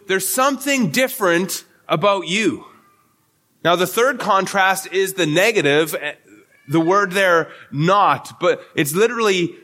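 A man's voice: high voice, sharp tone. A male pastor giving an earnest expository sermon, often repeating words as he restarts his phrases.

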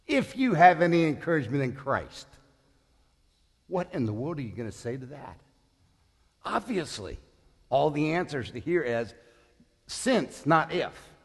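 A man's voice: medium pitch, slightly rough, big-room sound. A man in his sixties preaching a sermon as pastor, conversational, putting questions to the congregation. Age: 60s.

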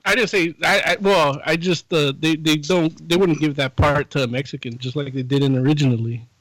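A man trading wry, provocative remarks in a casual podcast chat. His voice sits somewhat high for a man. The recording is dry, with no room echo. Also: steady tone, fairly quick, fairly bright tone.

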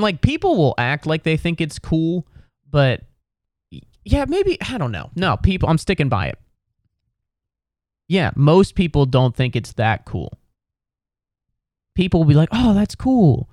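A man's voice: mid-range voice, a little mellow, dry recording, clean studio sound. A young man from Ohio rambling sardonically on his solo podcast, slipping into mocking voices. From Cincinnati, Ohio. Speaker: podcast host. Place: New York City.

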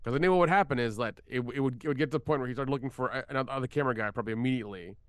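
A man on a podcast telling a story from a film set in a rapid, profane way, with many restarts. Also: mid-range voice, a bit bright, smooth, dry recording. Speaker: podcast co-host, filmmaker. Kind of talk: casual podcast chat.

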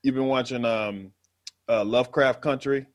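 A man's voice: medium pitch, steady tone, normal speed. A man co-hosting a podcast in casual chat, joking around with lots of slang and swearing. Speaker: podcast co-host.

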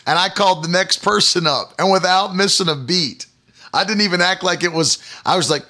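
A middle-aged man preaching a sermon, telling a personal story with laughter and animated delivery. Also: sits high, a little fast.

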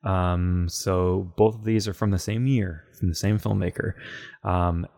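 A man with a low voice co-hosting a relaxed podcast. He talks in an easygoing, measured way and drops in the odd um as he presents each film. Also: gravelly. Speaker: podcast co-host presenting films. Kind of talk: casual podcast chat.

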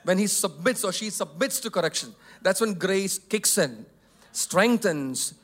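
Emphatic pastor, high voice. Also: male voice, lively intonation, unhurried. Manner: emphatic, repetitive, swings between loud and soft. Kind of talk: sermon. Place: church hall.

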